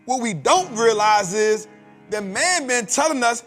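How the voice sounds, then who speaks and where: A man's voice: very high voice, animated, a little slow, fairly bright tone, soft background music. A man hosting a podcast, giving a preachy, emphatic motivational finance talk full of repetition and casual street slang. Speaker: podcast host.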